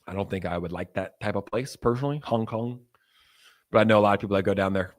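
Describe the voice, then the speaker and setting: A man's voice: fairly low pitch, fast talker. A young man hosting a casual crypto livestream. He rambles loosely, with lots of fillers, and reads chat messages aloud.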